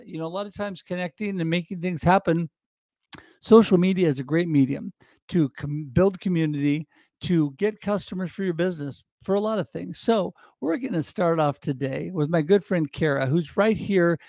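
A man's voice: high voice, moderate pace, darkish tone, no echo, clean studio sound. A man hosting a livestream show, talking in an upbeat, motivational way. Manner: enthusiastic, motivational, repetitive. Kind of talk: upbeat promotional livestream talk.

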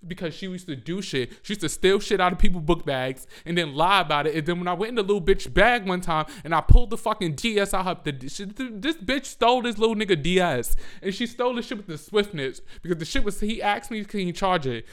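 A young man tells a rambling, profane story in a casual vlog style, cracking himself up as he goes. His voice sits a little high and sounds smooth and clear. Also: fast, few pauses. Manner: profane, animated, laughs often. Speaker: storyteller, former after-school teacher.

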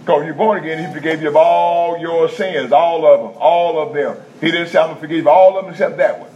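A man's voice: fairly high pitch, fairly even intonation, a little fast, darkish tone, a little hiss or hum. A male preacher, preaching a folksy, repetitive sermon in a prison chapel that builds to emphatic bursts. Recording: dull lo-fi recording, faint room ambience.

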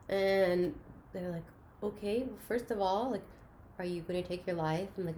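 A woman in candid personal chat, talking in an earnest, open way and often softly. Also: fairly low pitch, normal speed, a little hiss or hum. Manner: earnest, open, soft-spoken at times.

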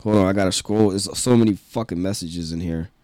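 A man co-hosting a podcast, telling a story in a profane, animated rant and laughing often. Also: low-pitched, a little fast, no room sound. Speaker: podcast co-host. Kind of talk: casual ranting chat.

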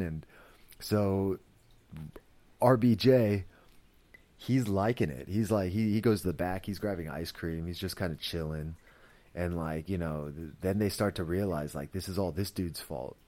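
A man's voice: low-pitched, dark tone. A man hosting a podcast, recapping a series in a loose, rambling way, full of "like" and "you know" and frequent swearing. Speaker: podcast host reviewing a series. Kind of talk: casual spoken recap.

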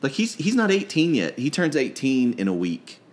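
A man guesting on a casual podcast, chatty and animated, telling stories with a lot of "like". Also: mid-range voice, moderate pace. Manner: chatty, animated storyteller, says "like" often.

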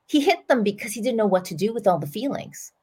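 A middle-aged woman, a parenting coach, talking through an example in an earnest, animated way as a podcast guest. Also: on the high side, fast, slightly rough. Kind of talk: storytelling explanation in an interview.

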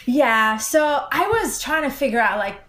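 A woman's voice: sits high, unhurried, slight background noise. A young Australian woman, an actor, chatting casually with lots of fillers. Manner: chatty, filler-heavy, animated. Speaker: actor, guest. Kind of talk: casual chat. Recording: roomy echo.

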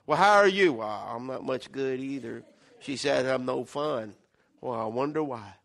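A man acting out a gloomy, self-pitying man who talks in a low, slow drone. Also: expressive, vocal fry, fairly bright tone. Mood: glum.

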